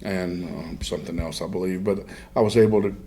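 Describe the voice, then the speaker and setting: Low-voiced man telling rambling hunting stories. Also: steady tone, fairly quick, a crowd in the background. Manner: rambling, self-interrupting storyteller who laughs through his own stories. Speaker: guest, duck hunter. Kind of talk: casual storytelling in a podcast interview.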